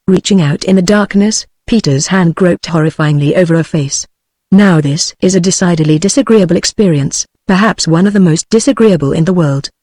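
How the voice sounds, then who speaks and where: A synthetic female voice with a British English accent narrates an audiobook in text-to-speech style. The pitch is fairly low, the recording dry, and the delivery evenly machine-read.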